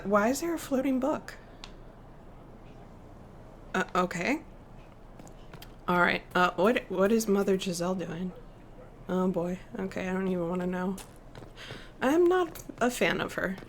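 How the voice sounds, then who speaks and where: A woman's voice: mid-range voice, animated, a little slow, long pauses, a little hiss or hum. A woman hosting a let's play, commenting casually and gushing emotionally over the scenes. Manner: gushing, emotional, full of exclamations.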